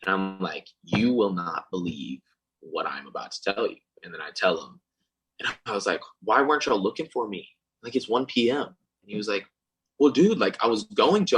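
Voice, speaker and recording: A man's voice: sits low, breathy edge, poor audio. A young man telling a story in casual chat, acting out other people's lines. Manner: animated, acts out quoted voices. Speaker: podcast guest and singer.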